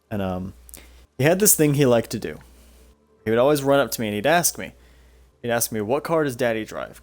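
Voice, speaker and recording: A young man streaming a game, telling stories in a rambling, profane way and laughing often. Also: lowish voice. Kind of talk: casual storytelling while playing a game.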